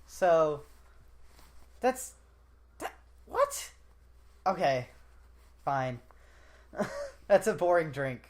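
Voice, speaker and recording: A male podcast co-host in relaxed, casual conversation. He jokes around, teases his co-host, and laughs easily between remarks. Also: on the high side, drawn-out words, pauses often. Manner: joking, laughs often, playful teasing. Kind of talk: casual chat.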